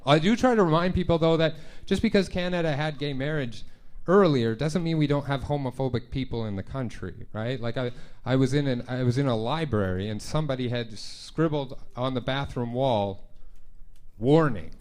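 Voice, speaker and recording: A young man doing a stand-up comedy set in a club, talking in a conversational, self-deprecating way and jumping into quick voices for his stories. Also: medium pitch, a little mellow. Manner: conversational, self-deprecating, punchy act-outs.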